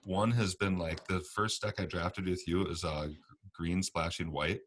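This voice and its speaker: A man's voice: sits low, fairly even intonation, unhurried, fairly bright tone. A man co-hosting a podcast, talking about a card game in a rambling, casual way and often laughing. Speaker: podcast co-host.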